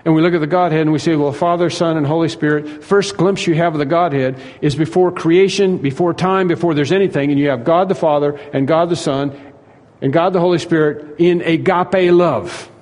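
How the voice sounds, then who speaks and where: Earnest preacher with hall reverb. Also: male voice, fairly high pitch, steady tone, fairly quick, darkish tone. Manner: earnest, repetitive, acts out dialogue in the text. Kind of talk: sermon.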